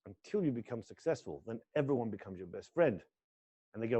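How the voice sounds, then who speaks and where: A man's voice: fairly low pitch, expressive, fast talker, warm tone, husky, dull audio. A middle-aged man teaching acting, leading a guided exercise in a live class with an intense, coaxing manner and free swearing.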